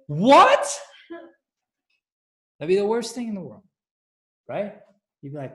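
A man's voice: sits high, sing-song, takes it slowly, long pauses, a bit bright. A man giving a casual, playful sermon that keeps asking the audience questions. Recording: echoey room.

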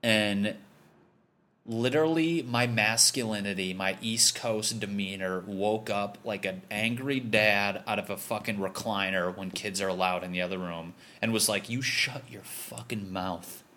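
A man's voice: fairly low pitch, unhurried, sharp tone. A young man from Connecticut hosting a podcast, delivering a profane, rambling comedic rant. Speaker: podcast host.

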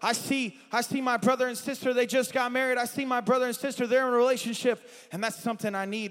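Impassioned preacher in a reverberant church hall. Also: male voice, extremely high pitch, fairly even intonation, fast, hardly any pauses. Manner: impassioned, swings from hushed confession to shouting. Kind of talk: sermon. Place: church sanctuary.

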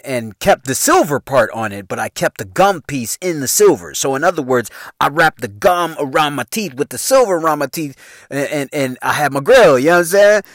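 A man's voice: mid-range voice, fairly bright tone, dry recording, studio quality. A young man with a Chicago accent hosting a podcast, telling a comedic story in slangy, profane talk and laughing at his own jokes. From Chicago area, Illinois. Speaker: podcast host.

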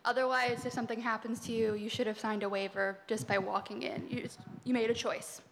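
A woman's voice: a little high, level tone, vocal fry. A woman from Connecticut telling a self-mocking story live at a story slam. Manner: self-mocking, quick and rambling. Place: theater stage. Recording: long theater reverb, faint noise.

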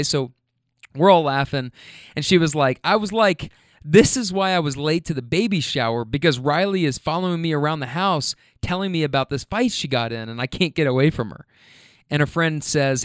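A man hosting a talk show, telling a rideshare story with lively quoted voices and frequent laughter. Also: on the high side, no echo, clean studio sound. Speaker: podcast host telling rideshare stories. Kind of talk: animated storytelling.

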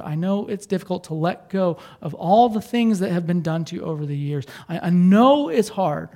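A man's voice: high-pitched, warm tone. A middle-aged man, a pastor, preaching a sermon in an earnest, conversational way, often repeating and restarting phrases.

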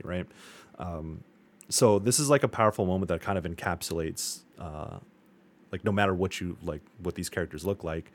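A man with a very low, deep voice talking on a podcast microphone. He rambles enthusiastically through a game discussion, restarting sentences and swearing casually. The tone stays loose and conversational. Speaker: podcast co-host.

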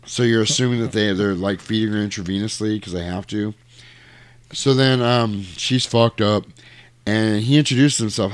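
A low-pitched man talks casually, retelling a film's plot and slipping into quick character voices. The sound is dry and close, with no room around it. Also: clear, resonant tone, dry recording. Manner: animated storyteller acting out lines in quick voices. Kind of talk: casual chat retelling a movie.

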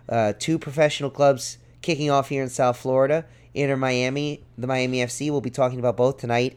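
A man's voice: mid-range voice, a little mellow. A man hosting a soccer podcast in a casual, upbeat and welcoming way. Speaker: podcast host.

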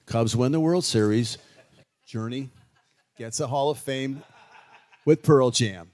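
A man's voice: medium pitch, moderate pace. Chatty older man answering questions. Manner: chatty, animated, rambling with restarts. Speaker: guest musician. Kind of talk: festival Q&A talkback.

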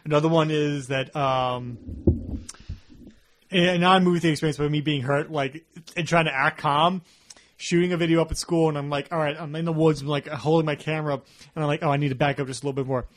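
A man hosting a casual podcast, telling stories with energy and slipping into quick impressions. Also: on the high side. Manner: animated storyteller, slips into impressions. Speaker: podcast host. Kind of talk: casual chat.

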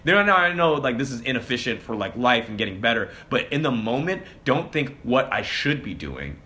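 A man's voice: mid-range voice, big pitch swings, brisk, bright, forceful tone, a little hiss or hum. A man hosting a podcast in casual conversation, opinionated and reflective, with fillers.

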